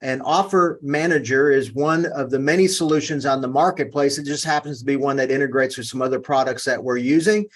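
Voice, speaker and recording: A man's voice: mid-range voice, brisk, few pauses. A man with a Southern US accent hosting a webinar, hesitant with many fillers. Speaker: webinar host.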